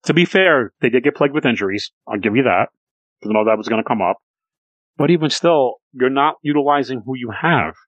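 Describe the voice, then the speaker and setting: A man's voice: medium pitch, expressive, a little fast, dry recording, highs cut off. Casual swearing male podcast co-host. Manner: swears freely, rambling with restarts. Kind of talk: casual wrestling chat.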